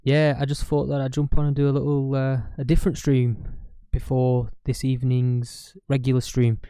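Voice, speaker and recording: A man producing music live on stream, chatting casually and greeting viewers by name in a relaxed way. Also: mid-range voice, moderate pace, clean tone, dry recording, studio quality. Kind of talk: casual livestream chat.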